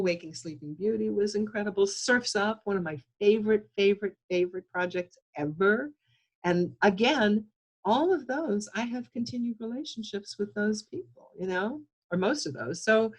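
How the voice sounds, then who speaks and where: A woman's voice: medium pitch, rough recording. Emphatic woman guest on a video call. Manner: warm, emphatic, with frequent restarts. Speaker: producer, interview guest. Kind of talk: casual interview storytelling.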